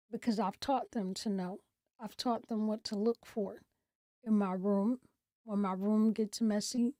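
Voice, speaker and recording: On a dry recording made at home, a medium-pitched middle-aged woman hosting a mental health talk opens up about her own experience. Her tone is candid and thoughtful, drifting into soft, trailing asides.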